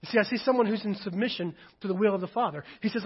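A pastor preaching with a high, husky voice that moves between forceful emphasis and quiet, hushed passages. The recording is dull and lo-fi, like a church sermon tape. He sounds earnest and direct. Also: rapid-fire, hardly any pauses. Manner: emphatic, swings from loud to hushed while reading Scripture.

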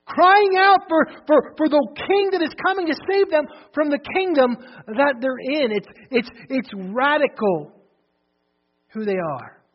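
A male pastor preaching a sermon, swinging from loud shouted declarations to low, hushed emphasis and repeating phrases. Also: expressive, measured pace, dull audio. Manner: repeats phrases, restarts often.

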